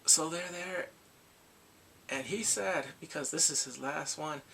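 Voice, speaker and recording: A man recapping a drama episode in a casual, excited way, acting out the characters' lines and his own reactions. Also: fairly high pitch, a little slow, gravelly, a little hiss or hum. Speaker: drama reviewer.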